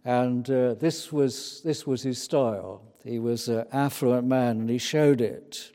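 A British man preaching a sermon in an unhurried, chatty way, with many hesitant fillers. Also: mid-range voice, dark tone. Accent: British English. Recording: long reverb of a large hall.

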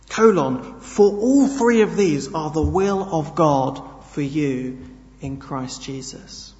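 A man's voice: on the high side, animated, in a large hall, lo-fi sound. A man preaching a sermon, earnest and emphatic, leaning hard on key words. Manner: earnest, emphatic, slow with sudden stresses.

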